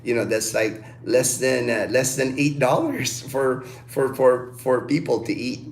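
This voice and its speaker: A man's voice: mid-range voice, unhurried, vocal fry, reverberant. A middle-aged man hosting a casual livestream chat, telling stories animatedly, laughing often and greeting viewers from the chat. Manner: animated storytelling, laughs often, reads chat names aloud. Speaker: livestream host.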